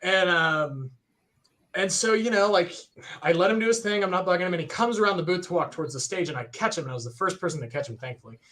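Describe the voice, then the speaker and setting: A young man telling a story in a casual, excited way on a podcast livestream, full of fillers and acted-out quotes. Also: sits high, fast. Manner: excited, animated retelling with many fillers. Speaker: podcast co-host.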